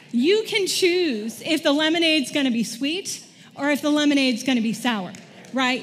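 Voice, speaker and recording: A high-voiced woman delivers a sermon in a church hall with long reverb. She keeps it conversational, putting questions to the congregation.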